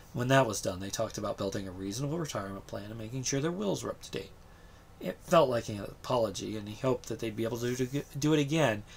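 A man reading a short story aloud in a steady, measured storytelling manner. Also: medium pitch, creaky, slight background noise. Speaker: story reader.

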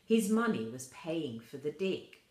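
A woman with a low voice reads a children's story aloud at an unhurried, gentle pace. Her voice rings in an echoey room. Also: very animated. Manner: slow, soft reading with quoted voices lifted higher. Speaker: reader of a children's novel. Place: school room.

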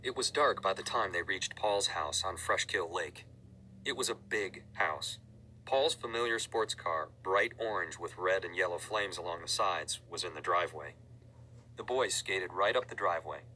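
Deep-voiced man reading a story. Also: moderate pace, pushed and bright, a little hiss or hum, rough recording. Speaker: narrator. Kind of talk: audiobook reading.

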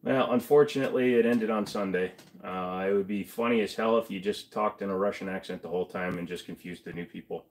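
A man's voice: low-pitched, brisk, few pauses. A man hosting a casual livestream, reading chat aloud and answering viewers while feeling sick to his stomach. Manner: chatty, reads chat aloud, mumbles asides. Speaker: livestream host.

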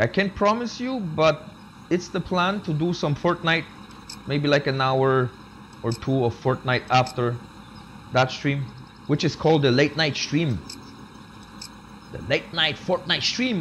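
A young man gaming on a live stream, chatting casually with viewers and dropping "man" and "bro" into every sentence. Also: a little high. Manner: laid-back, says "man" and "bro" constantly, reads chat aloud. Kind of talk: casual live-stream chat while playing. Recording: game engine noise behind the voice.

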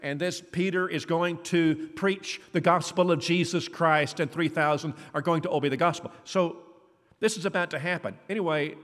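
A man delivering a conversational sermon as preacher, acting out quoted dialogue with lively shifts in voice. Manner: conversational, acts out quoted dialogue with rising pitch. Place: church hall. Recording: long church reverb.

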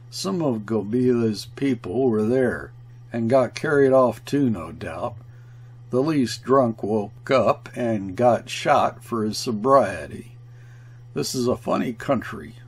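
A man voicing Carlier, a blunt, cynical male colonial trader who speaks gruffly and forcefully. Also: medium pitch, expressive, slow pace, full character voice.

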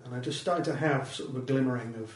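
A man's voice: medium pitch, fast talker, a little hiss or hum. A middle-aged man from Britain, a comedian guest on a podcast, talking in a dry, rambling, self-deprecating way with many restarts. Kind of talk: casual podcast interview. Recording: roomy sound from a distant mic.

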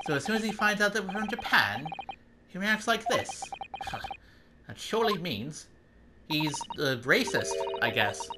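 A man's voice: sits high, sing-song, measured pace. A man giving rambling, profane, self-deprecating commentary while playing a game, over game music. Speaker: let's play commentator. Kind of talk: casual gameplay commentary.

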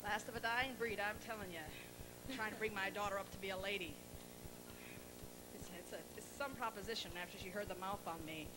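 A woman's voice: mid-range voice, fairly even intonation, a little fast, background noise. A woman in her forties telling bawdy jokes on a concert stage in a brassy, teasing way. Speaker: singer and comedian on stage. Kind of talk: live stand-up joke telling in concert. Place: large concert hall stage.

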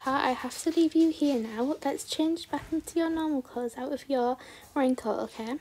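Woman as a gentle, coaxing mother; higher voice, toy role-play. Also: moderate pace. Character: caring mother hurrying her daughter.

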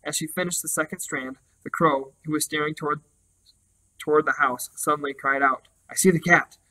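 Bright-voiced man reading a storybook. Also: a little high, normal speed, low-quality recording. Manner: steady, even reading with small slips. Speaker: storybook reader. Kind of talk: reading a children's novel aloud.

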